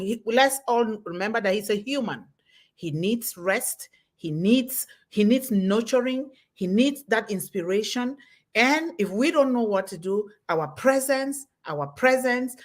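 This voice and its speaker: Middle-aged woman from Cameroon, webinar host, passionate and repetitive, medium pitch, pitch and loudness swing widely. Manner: emphatic, repeats phrases, swings in pitch and loudness. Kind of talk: impassioned motivational talk. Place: live online webinar.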